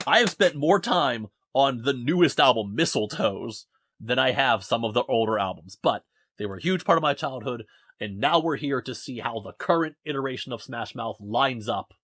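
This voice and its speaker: A man's voice: mid-range voice, fairly bright tone, no echo, studio quality. A young man hosting a casual podcast from his basement, rambling and self-deprecating as he talks. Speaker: podcast host. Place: home basement.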